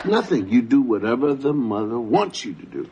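A man playing a father in a sitcom, telling stories in a mock-exasperated, animated way. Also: mid-range voice, normal speed, vocal fry, over a noisy crowd, very noisy.

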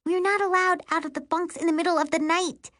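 A woman voicing a sleepy, bookish young girl who protests in a high, whiny voice in an audiobook. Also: fairly even intonation, brisk, fairly bright tone. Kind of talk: audiobook character voice.

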